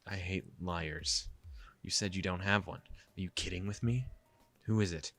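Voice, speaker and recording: A man's voice: low-pitched, normal speed, fairly bright tone. A man voicing a possessive, angry young cat boy in a visual novel, speaking in a cold, demanding way.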